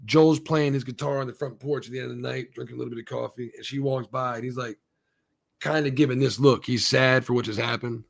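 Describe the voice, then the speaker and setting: Gravelly man in a profane rambling recap. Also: mid-range voice, fairly even intonation, fast. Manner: rambling, profane, acts out characters' lines. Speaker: show host reviewing a TV episode. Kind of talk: casual solo recap and review.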